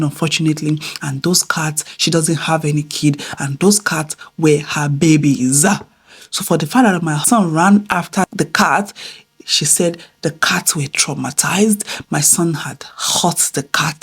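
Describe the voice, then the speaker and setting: A middle-aged woman vlogger casually telling a family story to camera, animated, swinging between loud exclamations and hushed near-whispers. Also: deep voice, breathy edge.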